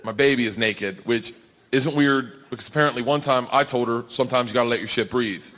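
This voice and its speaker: A man doing a loud, excitable stand-up comedy set on stage, his storytelling often rising toward a shout. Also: medium pitch, brisk. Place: comedy stage before a laughing audience. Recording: live show with loud crowd laughter and noise. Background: crowd laughter.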